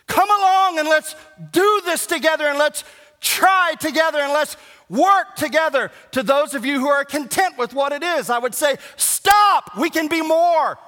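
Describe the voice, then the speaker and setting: A man preaching a sermon as pastor, animated and joking, swinging from hushed asides to shouts. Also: extremely high pitch, normal speed. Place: church sanctuary. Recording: long hall reverb.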